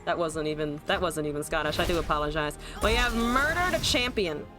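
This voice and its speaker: A woman's voice: low voice, fairly quick. A young adult woman giving live commentary on her card game, swearing, laughing and answering chat as she plays. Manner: animated, swears and laughs, reads chat aloud. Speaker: streamer. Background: faint music.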